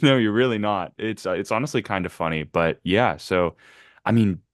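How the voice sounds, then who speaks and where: A young man in college hosting a casual podcast chat, talking fast and laughing often. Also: on the low side, no room sound, clean studio sound. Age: young adult. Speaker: podcast host.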